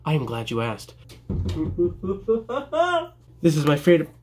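A man's voice: on the high side, very fast, mellow, slight background noise. A young man, a barber, answering viewer questions in a casual vlog, joking at his own expense and mimicking his customers. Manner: jokey, self-deprecating, mimics customers.

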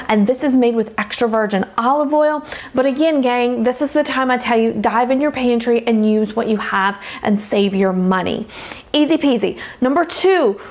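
A woman with a Louisiana Southern accent, hosting a casual cooking tutorial in her home kitchen, chatty and upbeat, calling her viewers gang and y'all. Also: sits high. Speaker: dietitian and cooking host.

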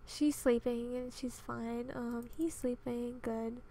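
A young woman with a high voice talks over her game at a home desk mic, casual and exasperated. She mutters at the characters and complains openly. Faint noise sits under the recording. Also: flat delivery, slow, dark tone. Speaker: gaming channel host. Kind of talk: casual gameplay commentary.

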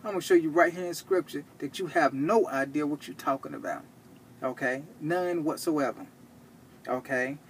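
A man teaching from the Bible, reading verses slowly and checking in with "okay?" after each point. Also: fairly high pitch, a little hiss or hum. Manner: reads verses slowly and deliberately. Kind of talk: scripture teaching to camera.

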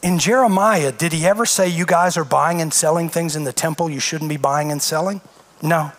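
Male pastor, high voice, emphatic sermon delivery with rhetorical questions. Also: normal speed.

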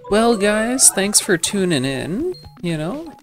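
A man's voice: high voice, sing-song, slow pace, music in the background. A man casually commenting on a video game as he plays, rambling and self-deprecating with lots of fillers. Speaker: gaming channel host. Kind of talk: casual let's play commentary.

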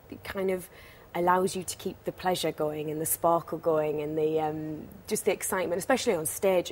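A woman's voice: fairly low pitch, darkish tone. Chatty young woman with a Teesside accent. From Teesside, England. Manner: chatty, bubbly, rambling with fillers. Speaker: actress, studio guest. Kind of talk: TV interview.

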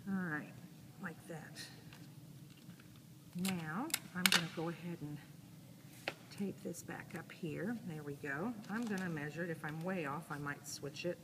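In an echoey classroom with constant audible noise, a woman demonstrates sewing, relaxed and talkative, narrating her steps as she goes. Her voice sits low, at a measured pace with long pauses.

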